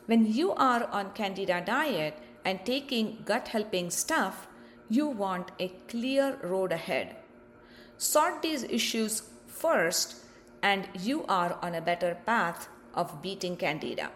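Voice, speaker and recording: A woman host talks listeners through a health topic in a scripted, explanatory way, often turning to them with rhetorical questions. Her delivery is slow and measured at an ordinary mid-range pitch. A light hiss of background noise runs beneath her voice. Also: lively intonation.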